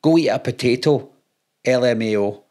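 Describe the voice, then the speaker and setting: A man's voice: mid-range voice, moderate pace, a little mellow. A Scottish man and YouTuber, reading out comments in casual talk with dry, sarcastic comebacks. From Scotland.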